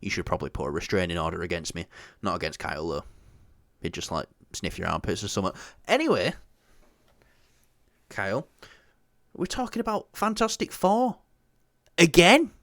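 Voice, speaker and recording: A low-pitched man trades crude jokes on a movie news podcast, swearing freely. His voice sounds dry and close to the mic, with no room around it. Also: sing-song, normal speed, a bit bright, no room sound. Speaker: podcast co-host. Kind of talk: casual movie news chat.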